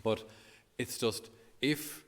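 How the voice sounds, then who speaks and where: A man's voice: very slow, a bit bright, big-room sound. An Irish man, a priest, giving a homily in a chatty, storytelling way with many fillers.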